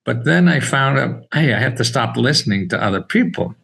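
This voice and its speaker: An older man talking as a podcast guest, animated and laughing often, with his voice jumping high when he gets excited. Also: brisk, creaky, slightly rough, poor audio. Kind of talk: casual interview talk.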